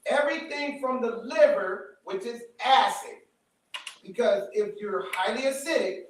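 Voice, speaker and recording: High-voiced man lecturing in an echoey hall. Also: unhurried. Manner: emphatic, repeats points, checks in with the crowd. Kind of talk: live lecture to a room audience. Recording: very echoey room, mic from far off.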